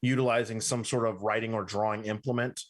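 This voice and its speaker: A man's voice: on the low side, steady tone, fast. A man narrating as game master of a tabletop game, playful and rambling, who keeps checking in with "right?".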